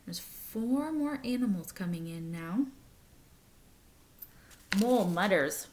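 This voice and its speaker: A woman teacher reading a picture book aloud to her class, adding short comments between pages. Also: fairly low pitch. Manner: slow, expressive storytelling with comments to listeners.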